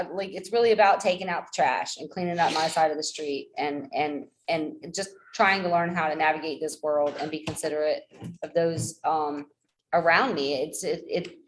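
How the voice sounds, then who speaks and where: Heard through poor audio with a little hiss or hum, a woman in her forties tells a personal story. She rambles and pokes fun at herself, full of fillers and restarts, acting out what others said with big jumps in pitch.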